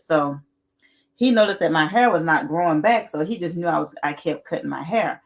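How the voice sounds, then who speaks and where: A woman's voice: on the low side, animated, fairly quick. Blunt, laughing woman livestream host. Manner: blunt, laughs often, repeats herself, swears casually. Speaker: livestream host reading chat. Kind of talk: casual livestream chat.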